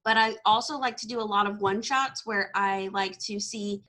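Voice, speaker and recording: A woman's voice: mid-range voice, moderate pace. A young woman from Texas, hosting a casual podcast chat and laughing often. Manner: bubbly, laughs often, excitable. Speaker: podcast host.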